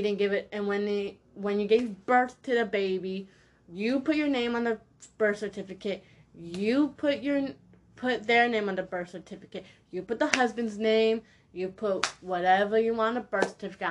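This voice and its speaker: Young woman, podcast host, blunt, heated, slangy, repeats herself, mid-range voice. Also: mid-range voice. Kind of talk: opinionated solo podcast rant.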